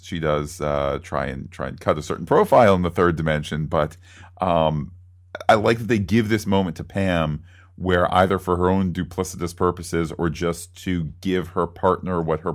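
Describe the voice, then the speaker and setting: A man co-hosting a podcast, recapping a TV episode in a wry, wordy, playful way. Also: deep voice. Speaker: podcast co-host.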